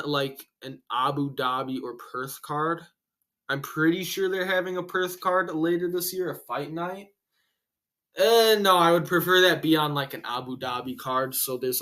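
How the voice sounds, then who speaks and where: A young man hosting a casual solo reaction to fight results, excitable and full of slang and swearing, a bit out of breath. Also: fairly high pitch. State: breathing heavily. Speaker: MMA reaction host.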